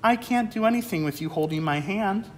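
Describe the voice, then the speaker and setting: A man voicing a patient mother otter who speaks gently to her cub while reading a picture book aloud. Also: high-pitched, lively intonation, fairly quick. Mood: gentle. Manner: gentle, soothing.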